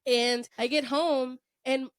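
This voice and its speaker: A young woman with a fairly high voice chats on a podcast, spinning a long story with lively quoted bits and frequent laughs. Her voice sounds close and dry, with almost no room around it. She swears freely and talks in a loose, casual way. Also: slow, no room sound. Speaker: podcast co-host.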